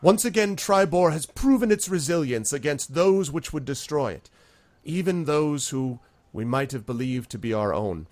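A man's voice: a little high, animated, moderate pace, a little mellow, voice pushed up, natural voice. Man voicing a stately woman town leader. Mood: ceremonious. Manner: ceremonious, stately address.

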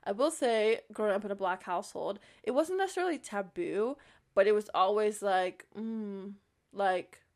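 Casting: young woman podcast host from Connecticut, sassy, emphatic, chatty, mid-pitched. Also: normal speed. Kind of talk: casual podcast chat.

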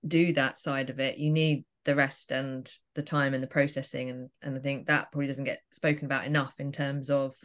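Woman, podcast co-host, low voice, unhurried and thoughtful. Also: little pitch movement. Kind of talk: casual podcast chat.

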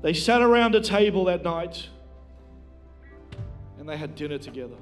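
A man's voice: a little high, expressive, normal speed, faint music behind. A male pastor preaching a sermon to a live congregation on a handheld microphone, telling a personal story with self-deprecating jokes. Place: church, speaking to a live congregation.

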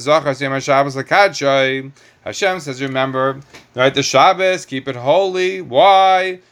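A man's voice: on the high side, a bit bright. A middle-aged man teaching a Torah class, lecturing with rhetorical questions and lots of Hebrew terms.

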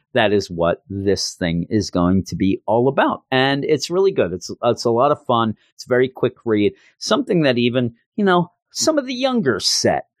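A man co-hosting a podcast, recapping a comic issue in casual chat and switching into goofy high voices when quoting characters. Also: no echo, clean studio sound. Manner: animated retelling, jumps into high goofy voices for quotes. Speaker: podcast co-host reviewing comics.

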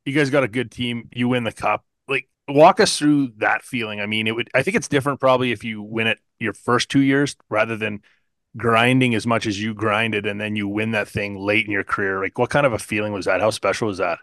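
A man hosting a podcast, asking a guest questions in a relaxed, conversational way. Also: fairly low pitch, a little fast, no echo. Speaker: podcast host. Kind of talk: casual interview questions.

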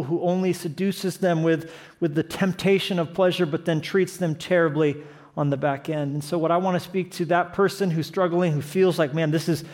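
A male pastor delivering a sermon in a slightly higher voice than most men. He preaches with passion, swinging from quiet, earnest moments to emphatic, rising exclamations. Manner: impassioned, rising to emphatic peaks.

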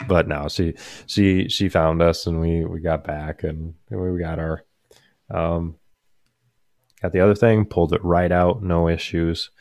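A man's voice: low voice, fairly even intonation, a little slow, darkish tone, no echo, clean studio sound. A young man casually telling a long, amused story, rambling with many fillers and restarts.

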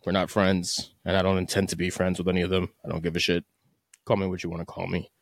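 A man's voice: sits low, level tone, fast talker, no echo, studio quality. A man hosting a podcast, giving blunt, opinionated, profane commentary in a casual solo talk. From United States. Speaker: podcast host.

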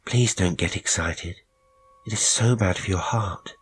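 A man voicing a young woman captor who speaks in quiet, gentle, controlled tones. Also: low voice, a little slow. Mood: cold gentle.

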